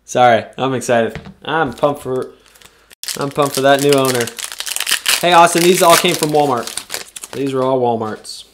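A man's voice: medium pitch, a little slow, pauses often, fairly bright tone, slight background noise. A man hosting a live trading card break, reading out the cards he pulls and whooping at the big hits. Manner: reads player names off cards.

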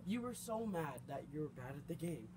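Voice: mid-range voice, big pitch swings, fairly quick, crowd noise. A teenager mocking a friend's gaming bluntly during a casual home video. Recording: very noisy home recording.

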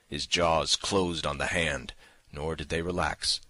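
A man reading a classic novel as audiobook narration, measured and dramatic, on a close mic. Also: a bass voice, fairly even intonation, sharp tone. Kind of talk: scripted narration.

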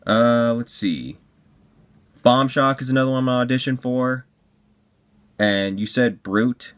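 A man at home casually talking through his voice-acting audition, relaxed and rambling, keeping quiet so as not to wake others. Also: medium pitch, a little slow. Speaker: voice actor auditioning. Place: home at night.

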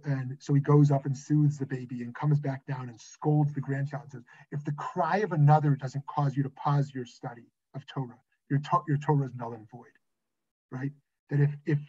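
Husky man teaching over a dull call. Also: a little high. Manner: animated, repeats "right?" and restarts often. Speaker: rabbi teaching a class. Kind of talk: conversational online lesson with anecdotes. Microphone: video call. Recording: dull lo-fi video call audio.

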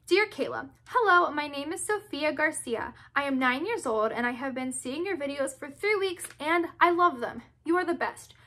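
Young woman, high voice, bubbly and gushing, casual vlog chat, faint hiss behind. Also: animated, bright, forceful tone. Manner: bubbly, gushing, quick to squeal. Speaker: YouTuber opening fan mail.

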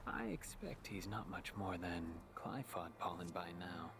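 An actor playing a mysterious, poetic young man in a game cutscene, speaking in a hushed, breathy, formal way. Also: deep voice, sing-song, over music, exaggerated voice. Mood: cryptic. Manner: slow, measured, formal. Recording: game score playing loudly underneath.

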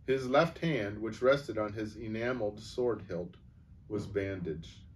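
A man reading a children's book aloud as a storyteller, in a calm, measured way. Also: fairly low pitch, slight background noise. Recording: voice from a distance.

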